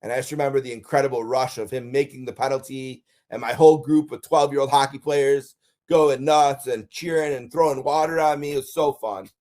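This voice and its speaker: Middle-aged man, from Buffalo, casual storytelling monologue, eager, ums and uhs, mid-pitched. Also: steady tone, brisk, darkish tone. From Buffalo, USA.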